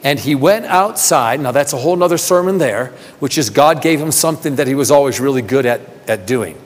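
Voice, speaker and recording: A man preaching a sermon, asking rhetorical questions and repeating phrases, building from soft talk to emphatic calls. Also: mid-range voice, animated, a little fast. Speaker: pastor. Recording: long reverb of a large hall.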